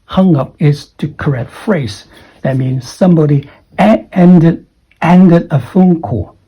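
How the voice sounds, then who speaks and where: Slow, husky-voiced man teaching English. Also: a little high, warm tone, rough recording. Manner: spells out words letter by letter and keeps checking with "okay?". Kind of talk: explaining errors in an online English lesson.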